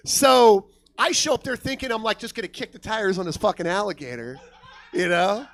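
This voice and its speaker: A man's voice: high-pitched, moderate pace. A man doing a stand-up comedy set on a club stage, telling stories with lots of swearing and acting out other voices. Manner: swearing, animated storytelling, acts out other voices. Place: comedy club stage before a live audience.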